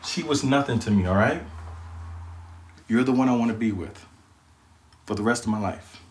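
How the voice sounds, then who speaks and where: A woman's voice: sits low, wildly swooping pitch, brisk, fairly bright tone, full character voice. An actress playing a sweet-talking partner who pleads and coaxes, repeating herself as she explains. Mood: earnest. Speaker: actor in a web series. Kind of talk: scripted drama dialogue.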